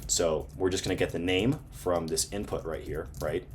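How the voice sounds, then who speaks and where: Man, deep low voice, casual coding tutorial, fillers, light hiss. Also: steady tone, normal speed. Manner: casual, fillers and repeated "right?" tags. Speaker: programming tutorial host. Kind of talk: screen-share coding walkthrough.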